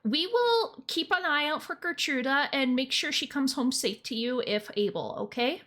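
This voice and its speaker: A woman plays her character at a tabletop game. Her voice is high and bright, and she speaks in a gentle, comforting way. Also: expressive, moderate pace. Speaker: player.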